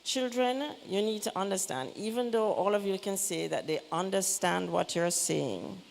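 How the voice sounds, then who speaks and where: A woman in her fifties with a Jamaican accent, a pediatrician giving a fast, direct health talk with joking asides. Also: mid-range voice, creaky, slight background noise. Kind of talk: lively church health talk. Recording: church hall reverb, faint ambience.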